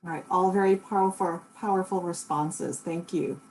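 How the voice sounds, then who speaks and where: Low-voiced woman moderating a panel. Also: fairly even intonation, normal speed, darkish tone, slight background noise, low-quality recording. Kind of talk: reading panel questions.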